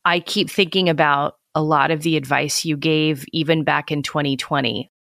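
A woman's voice: low-pitched, fairly even intonation, normal speed, gravelly, fairly bright tone, dry recording, clean studio sound. A woman hosting a podcast, asking thoughtful, reflective questions in a conversational way. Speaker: podcast host.

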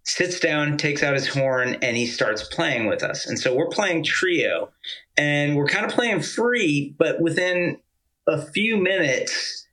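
Slow-paced and slightly high-voiced, a male musician from Georgia rambles through an excited story as a guest, leaning on "like" and casual profanity. The recording is rough.

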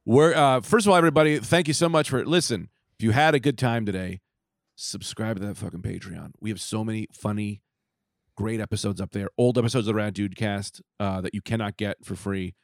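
A man's voice: lowish voice, brisk, no room sound, clean studio sound. A man hosting a casual comedy podcast, joking crudely and rambling. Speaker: podcast host.

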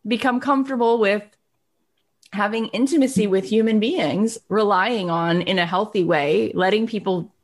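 A woman's voice: medium pitch, normal speed. A woman podcast host sharing a personal story openly and emotionally, rambling and using many filler words. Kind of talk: conversational interview.

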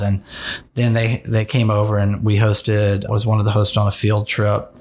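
A man, a fashion designer talking in a relaxed, rambling interview, with lots of restarts and "you know". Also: lowish voice, a little fast, vocal fry. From American South.

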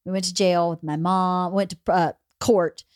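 A woman's voice: on the low side, little pitch movement, moderate pace, dry recording, studio quality. A woman hosting a podcast, telling a funny personal story in casual chat and laughing through it. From small rural town in the US. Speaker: podcast host.

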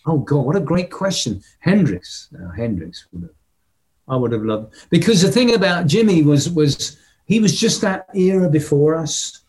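A man's voice: fairly high pitch, sing-song, normal speed, darkish tone. An older man, an interview guest, telling stories in a casual way and vocally mimicking drum patterns. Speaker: interview guest, rock drummer.

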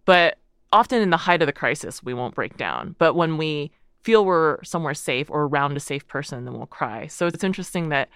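A woman's voice: low-pitched, animated, fairly quick, a bit bright, smooth, no echo, clean studio sound. A woman telling a personal story in a casual, chatty way, full of fillers and light laughter. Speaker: guest, writer and athlete.

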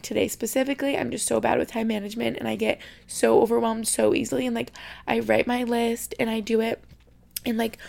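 A woman's voice: on the high side, creaky. A young woman hosting her podcast in casual solo chat, rambling with lots of "like" and openly emotional. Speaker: podcast host.

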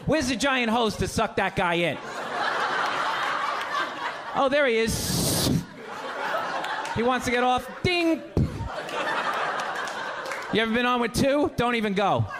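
A man's voice: extremely high pitch, lively intonation, slow pace, long pauses, heavy background noise. A man performing a stand-up set with punchy, joking delivery while an audience laughs. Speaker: stand-up comedian.

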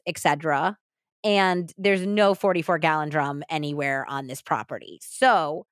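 A woman's voice: lowish voice, a bit bright, no room sound, clean studio sound. A woman hosting a true crime podcast, telling the case in a casual, chatty way with lots of fillers. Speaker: podcast host. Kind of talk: true crime storytelling chat.

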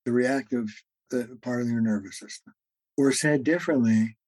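A man's voice: mid-range voice, moderate pace, a little mellow, dry recording, rough recording. A man who is a therapist and author, a guest on a podcast interview. He explains ideas in an earnest, teaching way with many "uh" fillers and acts out quoted arguments.

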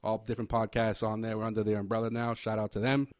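A man's voice: fairly low pitch, flat delivery, quick pace. A man co-hosting a sports podcast in casual chat, laid back and running the sign-off. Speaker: podcast co-host.

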